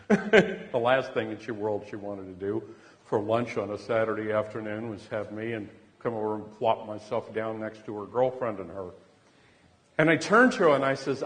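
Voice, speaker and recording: A low-pitched man tells a personal story with earnest feeling. His level swings from loud bursts to soft, hushed lines. A long reverb trails behind his voice. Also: normal speed. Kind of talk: personal anecdote.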